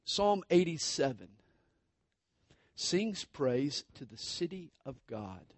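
A man preaching a sermon, expounding scripture and praying aloud, swinging between loud declarations and hushed asides. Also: a little high, very animated, slow, dry recording.

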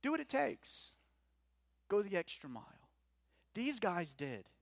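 A man preaching a sermon as pastor, rising to loud emphatic peaks and dropping to quiet, low lines. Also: wildly swooping pitch, a little slow, vocal fry, no echo, clean studio sound. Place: church.

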